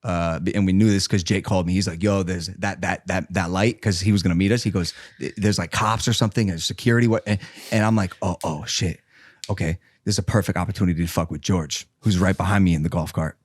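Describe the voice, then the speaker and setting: A young man co-hosting a podcast, telling a story in a casual, animated way with lots of swearing. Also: deep voice, fast, no room sound, clean studio sound. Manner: animated, swearing, acts out voices in stories. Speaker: podcast co-host. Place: podcast studio.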